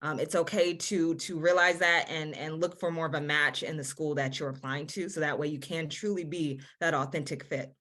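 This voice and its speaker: A woman admissions counselor speaks in a lowish voice, giving earnest, encouraging guidance to students. She often restarts and repeats words as she goes. She is heard over a video-call webinar. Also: fairly even intonation, normal speed, few pauses, a bit bright. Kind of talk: webinar advice talk.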